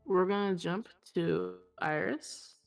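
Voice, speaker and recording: A woman narrating as game master, calm and measured. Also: on the low side, gravelly, faint music behind.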